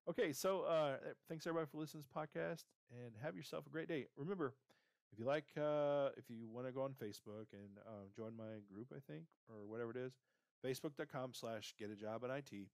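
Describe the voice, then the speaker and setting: This man's gravelly, mid-range voice moves at a quick pace, recorded with studio quality and no echo. He hosts a motivational career podcast, coaching the listener with a pep talk and repeating "right?" and "okay?" as he guides them.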